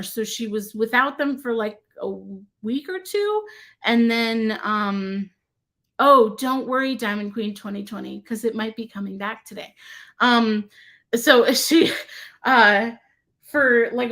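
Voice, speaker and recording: A woman's voice: on the high side, fairly bright tone. A woman hosting a casual livestream about her craft shop, chatty and rambling, often laughing between thoughts.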